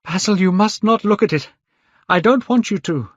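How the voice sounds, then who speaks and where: A man's voice: high-pitched, moderate pace, no echo, voice pushed up. A man reading aloud, voicing a secretive, frightened young man who pleads in a raised, urgent voice. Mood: alarmed. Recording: dull, dry lo-fi recording.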